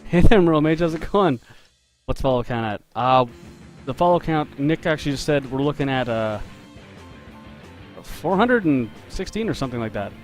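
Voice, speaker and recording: A man telling a story in a relaxed, chatty way, laughing often as he draws live on a stream for his viewers. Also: medium pitch, moderate pace, faint music behind. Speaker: game developer and artist streaming live. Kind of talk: casual storytelling while drawing on a live stream.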